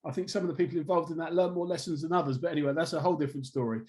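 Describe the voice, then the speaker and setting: A man's voice: fairly high pitch, steady tone, rapid-fire, a little mellow. A man hosting a business interview show, easygoing and jokey, often restarting his sentences. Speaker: podcast host. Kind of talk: casual interview chat.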